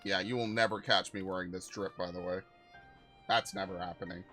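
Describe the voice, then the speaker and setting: A man streaming a game live, reacting with loud, profane outbursts. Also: sits low, fairly even intonation, fairly quick, soft background music. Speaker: gaming streamer. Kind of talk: live gameplay commentary.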